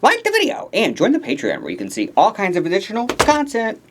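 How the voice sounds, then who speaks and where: A man's voice: high-pitched, huge pitch swings, quick pace, a little hiss or hum. A man co-hosting a casual chat show, talking in a chatty, gossipy way. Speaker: podcast co-host.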